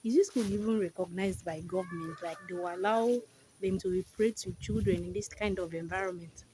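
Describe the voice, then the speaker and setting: A Nigerian woman records a vlog on a handheld camera as she walks a hilly neighbourhood outdoors. She is out of breath and chatty, and she keeps exclaiming in disbelief. Outdoor noise comes through clearly behind her voice. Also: on the low side, fairly quick, dark tone, low-quality recording. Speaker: vlogger. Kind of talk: walking tour vlog commentary.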